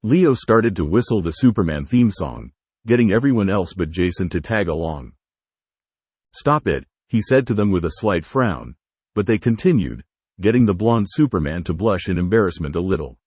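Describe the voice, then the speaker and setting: A man's voice: sits low, lively intonation, normal speed, darkish tone, breathy edge, no echo. A man narrating a fan fiction story aloud, giving the dialogue varied inflections. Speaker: fanfiction reader.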